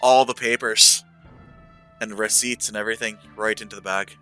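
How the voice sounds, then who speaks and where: A man's voice: fairly low pitch, steady tone, moderate pace, pushed and bright, faint music behind. A man playing a tabletop role-playing game, chatting casually and joking with the group. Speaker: player.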